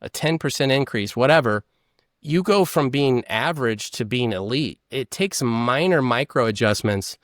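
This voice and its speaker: A man's voice: medium pitch, normal speed, no echo, clean studio sound. A man, a former polygraph examiner, explaining as an interview guest and acting out questions and answers. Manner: animated, acts out questions and answers.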